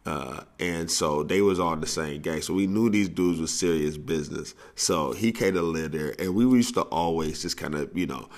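A man with a very low, gravelly voice tells a story on his podcast. He rambles, circles back and repeats himself, with laughs breaking in along the way. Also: moderate pace, few pauses. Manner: rambling, repeats and restarts phrases, laughs often through the story. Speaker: podcast host, coach. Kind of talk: casual storytelling.

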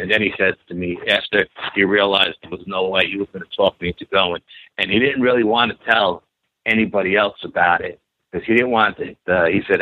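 A New York man calls in by phone as a guest to tell the story of an encounter, animated, repeating himself, and acting out quotes. His fairly low voice moves briskly over a tinny, dry phone line.

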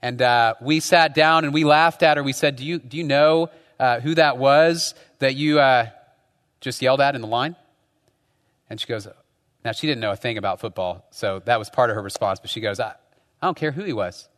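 A man's voice: mid-range voice, fairly even intonation, normal speed, fairly bright tone, big-room sound. A man preaching a sermon as pastor, talking conversationally and often tagging his points with rhetorical questions. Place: church.

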